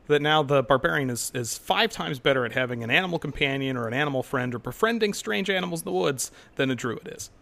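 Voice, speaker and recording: A man's voice: mid-range voice, lively intonation, quick pace, gravelly, hardly any pauses, pushed and bright. A man on a casual podcast panel, talking in an opinionated, digressive and eager way.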